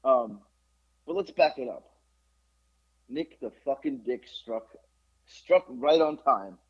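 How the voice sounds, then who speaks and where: A middle-aged man hosting a podcast, telling a story in casual chat, animated and profane with lots of fillers. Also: mid-range voice, slow, husky. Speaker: podcast host. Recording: dull lo-fi podcast recording.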